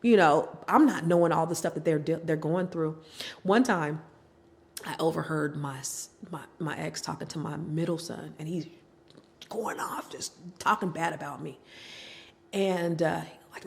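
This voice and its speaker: A woman's voice: sits low, normal speed, vocal fry. A middle-aged woman, a podcast guest, telling her personal story candidly and acting out what family members said. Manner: animated, acts out quoted family members.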